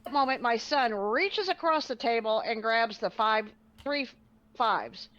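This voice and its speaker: A woman tells a personal story in a relaxed, conversational way. She is animated and slips into the voices of the people she quotes. Her voice sits fairly high, and the recording sounds muffled and lo-fi. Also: a little slow. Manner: animated, acts out quoted voices, laughs often. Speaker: guest telling a personal story. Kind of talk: casual storytelling. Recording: muffled, lo-fi audio.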